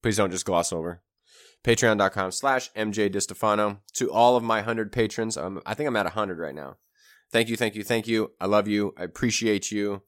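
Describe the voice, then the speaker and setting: A man hosting his own podcast, talking casually in a relaxed, rambling way with restarts and soft asides. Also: fairly low pitch, fairly quick. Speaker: podcast host and rapper.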